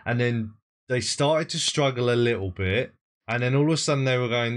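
A man's voice: mid-range voice, brisk. A man hosting a football podcast, chatting casually in a jokey, self-mocking way. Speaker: podcast host. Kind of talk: casual chat.

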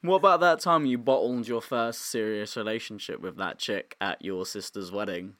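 A man's voice: lowish voice, normal speed, a bit bright. A man co-hosting a podcast, chatting casually in a teasing, laughing way. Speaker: podcast co-host. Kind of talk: casual chat.

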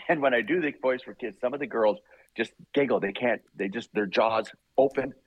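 A male voice actor being interviewed, telling animated, rambling stories and laughing often. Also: mid-range voice, normal speed, slightly rough, no room sound, dull audio. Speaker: voice actor guest. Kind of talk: casual interview storytelling.

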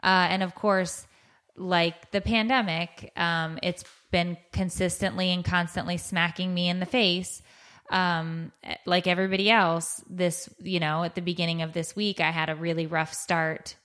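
Middle-aged woman podcast host, lowish voice, rambling casual storyteller. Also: fairly bright tone. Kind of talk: casual chat.

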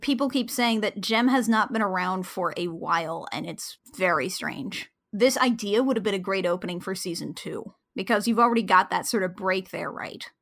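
A woman's voice: medium pitch, normal speed, vocal fry, hardly any pauses, a bit bright. A woman co-hosting a podcast, recapping a cartoon episode in casual chat with rambling asides. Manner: chatty, with rambling asides and hedges. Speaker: podcast co-host.

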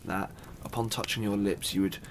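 A man's voice: fairly low pitch, steady tone, moderate pace, background noise. A man casually retelling a myth, chatty and irreverent, with asides and the odd swear. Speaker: storyteller.

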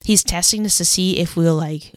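A woman's voice: lowish voice, normal speed, dry recording, clean studio sound. A woman co-hosting a casual faith podcast, telling a story in a chatty, rambling way full of "like" and self-deprecating laughs. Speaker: podcast co-host.

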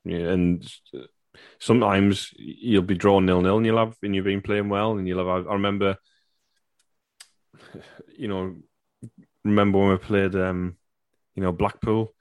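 A man's voice: low-pitched, little pitch movement, unhurried, long pauses, no room sound, studio quality. A man co-hosting a football podcast, talking in a rambling, conversational way. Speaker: podcast host. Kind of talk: casual podcast chat.

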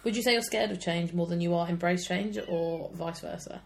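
A woman's voice: lowish voice, brisk, gravelly. A woman, co-hosting a podcast in casual, self-deprecating chat. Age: 20s. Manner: chatty, self-deprecating, laughs often. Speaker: podcast co-host.

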